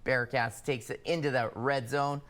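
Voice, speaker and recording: A man co-anchoring a high school football highlights show, upbeat and full of sarcastic banter with his partner. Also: fairly even intonation, normal speed, a bit bright. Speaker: sports news co-anchor.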